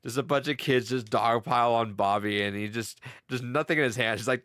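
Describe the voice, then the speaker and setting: A man's voice: mid-range voice, fairly bright tone, no room sound. Laughing, chatty man in a dry room. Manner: loose, laughing, swearing, quick impressions. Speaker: podcast co-host. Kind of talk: casual chat.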